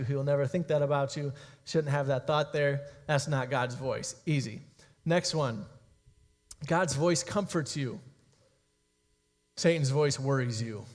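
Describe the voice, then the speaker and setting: Youth pastor preaching casually in a reverberant hall. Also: male voice, mid-range voice, a little mellow. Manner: casual, conversational preaching with frequent "okay?" and "guys". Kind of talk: youth sermon.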